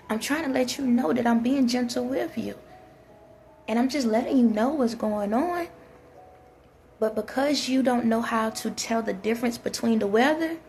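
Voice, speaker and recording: Gravelly-voiced woman giving blunt advice. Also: fairly high pitch, a little mellow, a little hiss or hum. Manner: blunt, direct, talks straight to viewers. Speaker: vlogger giving relationship advice. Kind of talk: casual spoken advice to viewers.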